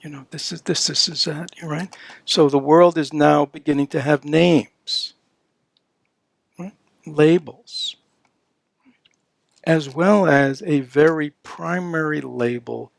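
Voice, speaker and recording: A man's voice: fairly high pitch, slow, gravelly, pauses often, no echo. An older man giving a dharma talk at a retreat, conversational and full of "you know" and "right?", now and then voicing playful baby-talk examples. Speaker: Buddhist dharma teacher.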